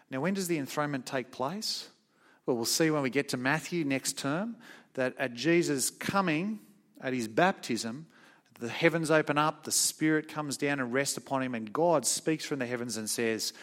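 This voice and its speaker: Middle-aged aussie bloke preaching, earnest and emphatic, slows right down on the big points. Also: male voice, medium pitch, lively intonation, fairly bright tone. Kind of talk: sermon.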